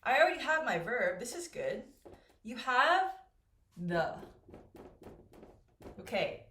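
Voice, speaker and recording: A woman teaching English grammar, explaining slowly and patiently and asking learners questions as she goes. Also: fairly high pitch, big pitch swings, fairly bright tone. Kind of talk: slow, clear classroom explanation. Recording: echoey room with faint noise.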